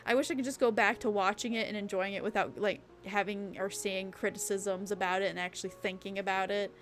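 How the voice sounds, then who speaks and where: A woman's voice: medium pitch, fairly even intonation, brisk, fairly bright tone. A young woman streaming a casual late-night chat, rambling and chatty, peppering her talk with "like" and the odd swear word. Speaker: VTuber streamer.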